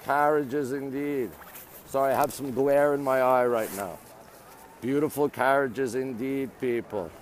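Streaming live from his phone on monument steps amid a busy city, a Canadian man says hello to viewers and reads their comments in a chatty way. His voice is medium-pitched and steady, unhurried, with slight background noise behind it.

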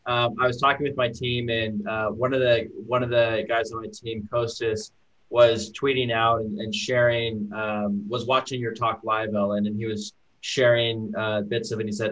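A man's voice: on the low side, level tone, normal speed, fairly bright tone, low-quality recording. A man hosting a casual panel discussion over a video call, telling a long self-deprecating story in a rambling way. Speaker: panel host.

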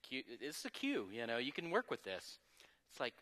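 A man pastor preaching a sermon with lively energy, moving between loud exclamations and quieter, conversational asides. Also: medium pitch, normal speed, big-room sound. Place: church sanctuary.

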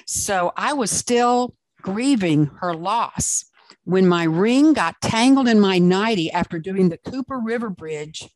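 A woman's voice: lowish voice, a little mellow, no echo. A woman from South Carolina with a Southern accent, a guest author and speaker telling her story in an interview in an earnest, emphatic way.

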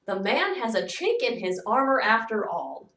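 A woman reading as a teasing jovial gentleman. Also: a little high, very animated, moderate pace. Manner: bantering, playful. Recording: echoey room, distant mic.

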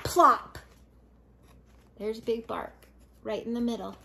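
An older woman reads a picture book aloud to children, her voice high and bright. She takes her time, leaning into every word with lively expression. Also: slow, vocal fry. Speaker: storybook reader. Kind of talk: children's read-aloud narration.

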